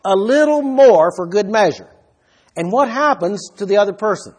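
Husky-voiced man teaching a Bible lesson. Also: sits high, expressive, normal speed. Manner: explanatory, asks the listeners rhetorical questions. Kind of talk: Bible study lecture.

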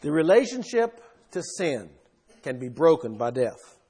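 A man preaching a sermon with emphasis, swinging between loud bursts and quiet asides. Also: on the high side, very animated, a little slow, breathy edge.

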